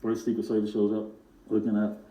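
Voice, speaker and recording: A man, a music producer and guest, telling stories in an animated way and acting out the voices of the people in them. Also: fairly low pitch, fairly quick, roomy sound, poor audio. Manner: acts out other people's voices in his stories. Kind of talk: animated storytelling.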